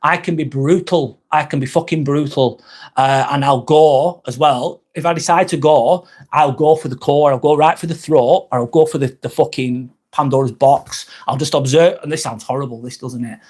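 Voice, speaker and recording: A man's voice: medium pitch, normal speed, few pauses, darkish tone. A man hosting a live stream, talking candidly and bluntly, swearing often as he rambles and reads viewer comments aloud.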